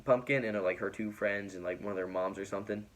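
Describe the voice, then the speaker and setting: A young man with a lowish voice tells a personal story in an easygoing storytime vlog. He rambles, fills his sentences with fillers, and breaks into laughter now and then. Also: steady tone, quick pace. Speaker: vlogger. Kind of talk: casual storytime.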